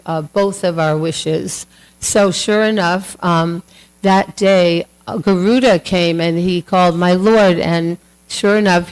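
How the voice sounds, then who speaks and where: A woman's voice: fairly low pitch, low-quality recording. A woman telling a devotional story to a class in a chatty, casual way with many fillers, acting out the voices. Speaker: class speaker.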